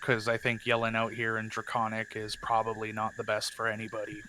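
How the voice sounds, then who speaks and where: A man's voice: lowish voice, completely flat delivery, brisk, sharp tone, slight background noise, low-quality recording. A man playing a tabletop game, describing his character's actions hesitantly with many fillers. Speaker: player.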